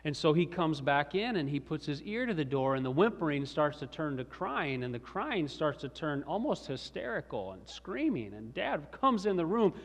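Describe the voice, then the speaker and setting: A man's voice: a little high, sing-song, moderate pace, few pauses. A middle-aged man preaching a sermon in a conversational storytelling manner with chuckles, as the pastor. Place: large church sanctuary. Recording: reverberant church hall.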